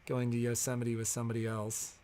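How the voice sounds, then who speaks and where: A man's voice: medium pitch, monotone, fast talker, dark tone. A man co-hosting a store livestream, chatting casually and laughing as he retells family stories. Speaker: store co-owner and livestream host.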